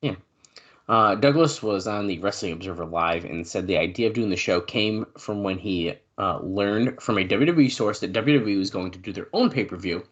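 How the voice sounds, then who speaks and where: A man co-hosting a podcast in casual chat, reading news notes aloud with fillers and now and then clearing his throat. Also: lowish voice, expressive, normal speed, dull audio. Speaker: podcast co-host.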